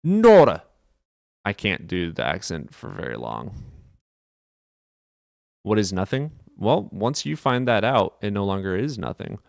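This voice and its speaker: A man streamer in casual livestream chat, reading and answering chat questions in a rapid, profane, offhand way. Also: low voice, sing-song, creaky, no room sound, studio quality.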